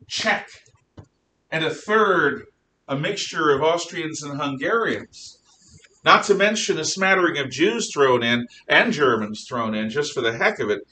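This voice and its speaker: A man giving a history lecture to a class, emphatic and animated, firing off rhetorical questions. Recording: roomy, distant mic with faint rumble.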